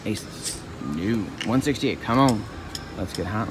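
A man vlogging his slot machine play, trading profane, excitable outbursts with jokey asides. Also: mid-range voice, moderate pace. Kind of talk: live commentary while playing slots. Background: loud slot machine music and chimes.

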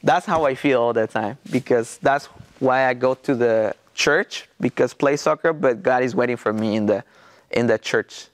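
A pastor from Mexico with a Mexican Spanish accent tells his testimony in an interview, in halting non-native English full of restarts and fillers. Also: medium pitch, no room sound.

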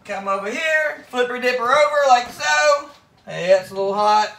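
A man's voice: extremely high pitch, lively intonation, moderate pace, creaky, sharp tone. A man with a Southern US accent hosting a casual home cooking vlog. He jokes crudely and keeps repeating "that's right, folks.". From Florida, US. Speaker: cooking video host. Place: home kitchen. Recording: echoey room, voice off-mic.

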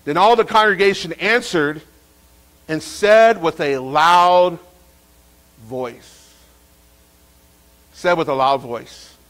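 A man preaching a sermon as pastor, lively and repetitive, with frequent restarts. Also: a little high, slow, pauses often, poor audio.

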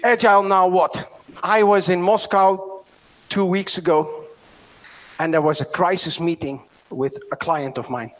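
Delivering a conference keynote in a Dutch accent, this middle-aged Dutch man tells stories and keeps asking his audience "right?" His voice is high, steady in tone, and unhurried.

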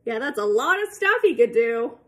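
A woman reading a picture book aloud to children, slow and expressive, pausing to ask her listeners questions. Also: a little high. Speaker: storybook reader.

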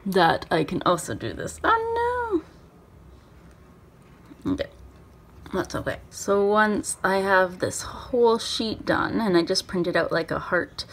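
A woman's voice: fairly low pitch, animated, unhurried, few pauses. A young woman chatting casually and upbeat in a daily vlog, laughing often. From Canada. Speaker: vlogger.

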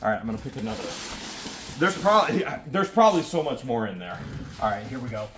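A man hosting a treasure hunting vlog, talking excitedly in wonder as he digs through what he found. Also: medium pitch, quick pace, heavy background noise. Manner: excitable, keeps exclaiming in wonder. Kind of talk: casual unboxing commentary.

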